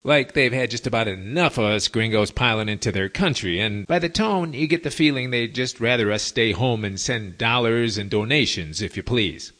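A man's voice: mid-range voice, moderate pace, hardly any pauses, sharp tone. A man hosting a podcast, talking to his listeners in a wry, folksy storytelling manner. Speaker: podcast host. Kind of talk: casual monologue to listeners.

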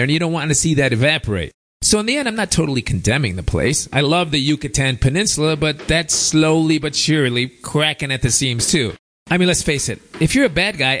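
A man's voice: on the high side, fairly bright tone. A man hosting his own show, talking in a sarcastic, rambling, opinionated monologue. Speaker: show host.

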